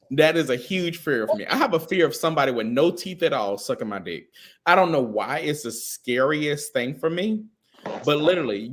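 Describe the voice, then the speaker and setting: A man co-hosting a podcast in casual chat, crude and animated, swearing constantly and sounding a bit tipsy. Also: fairly high pitch. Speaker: podcast co-host.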